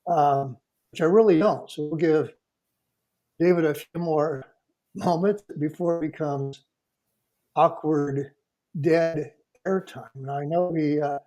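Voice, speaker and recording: Laid back guy on a porch show, talks slow, kinda high voice. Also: a little mellow. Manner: easygoing, unhurried small talk with fillers. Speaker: co-host. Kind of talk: casual chat. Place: home porch.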